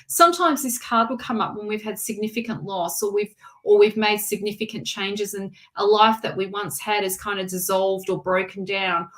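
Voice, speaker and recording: A middle-aged woman giving live tarot readings to viewers in a reassuring way, often repeating her phrases and restarting sentences. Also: medium pitch. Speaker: tarot reader.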